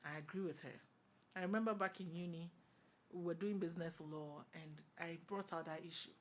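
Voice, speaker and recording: Speaking a little fast in a fairly low voice, a Ghanaian-accented woman argues on a talk show panel. She is forceful and opinionated, hammering home her points through repetition, with slight background noise audible.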